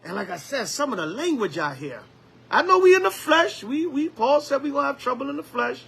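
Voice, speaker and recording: Animated man preaching, high bright voice. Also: fairly quick, gravelly. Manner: animated, call-and-response, acts out quotes. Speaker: elder teaching a Bible lesson. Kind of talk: lively preaching.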